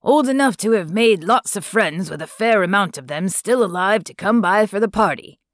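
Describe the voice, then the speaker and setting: A woman's voice: medium pitch, animated, normal speed, no echo, close to an everyday voice. An old man with a faint French accent, wry and sociable, as a woman narrator puts him on. The voice is close and dry.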